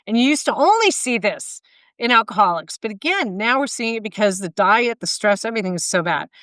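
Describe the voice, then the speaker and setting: A woman's voice: mid-range voice, expressive, a little fast, fairly bright tone, dry recording. A woman hosting a solo health podcast, talking informally with asides and self-corrections, a little tired and tongue-tied. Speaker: podcast host and health coach.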